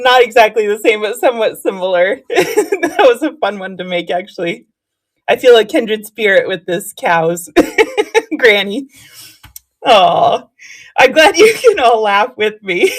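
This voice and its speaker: A woman chatting with her live viewers, telling stories and laughing often. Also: fairly high pitch. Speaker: live streamer. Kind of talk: casual chat with live viewers.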